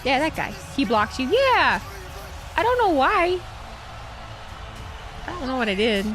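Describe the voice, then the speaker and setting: A woman's voice: sits high, sing-song, a little slow, music in the background. A young woman chatting casually on a live stream, sarcastic and talkative, reading chat messages aloud.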